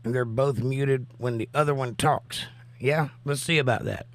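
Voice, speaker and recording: This is casual live-chat commentary from a male livestream host who reads out viewer comments, his voice not yet fully recovered from a cough. The pitch is medium, the tone steady, and the pace moderate.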